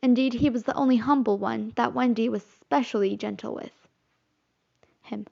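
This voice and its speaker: A woman narrating a children's classic as an audiobook, in expressive storytelling. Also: fairly high pitch, normal speed, gravelly. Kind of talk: audiobook reading. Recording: slightly muffled recording.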